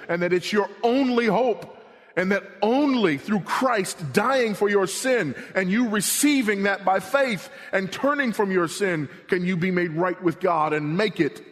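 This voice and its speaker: A middle-aged male pastor preaching a sermon, swinging between emphatic repeated warnings and hushed, low passages. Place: church sanctuary. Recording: long reverb of a church hall.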